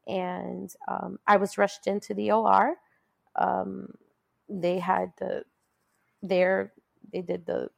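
A woman's voice: mid-range voice, gravelly, dry recording. A woman talking as a guest in a casual conversation, telling a personal story in a chatty way and laughing often. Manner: chatty, laughs often, rises into animated quoting.

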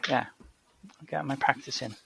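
A man's voice: mid-range voice, moderate pace, gravelly, fairly bright tone, slightly rough. A man talking as a podcast guest, hesitant and self-deprecating in casual chat.

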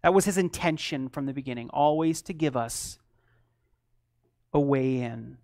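Animated male preacher, dry close sound. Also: medium pitch, normal speed, dry recording. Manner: animated storytelling, swings from loud to quiet. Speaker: pastor. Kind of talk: sermon.

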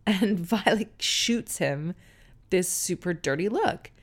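A middle-aged woman hosts a solo podcast, telling stories in a frank, chatty way and swearing casually throughout her monologue. Her voice is fairly low with lively intonation, and she speaks at a slow pace.

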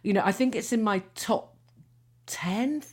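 A woman's voice: mid-range voice, a little slow, darkish tone. A woman in her sixties co-hosting a podcast, chatting casually with many fillers and restarts. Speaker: podcast co-host. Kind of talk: casual chat.

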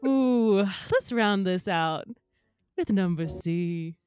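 A woman's voice: medium pitch, animated, slow pace, a little mellow, clean tone, dry recording, clean studio sound. A woman co-hosting a podcast in casual banter who laughs often. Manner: giggly, frequent laughter. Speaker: podcast co-host.

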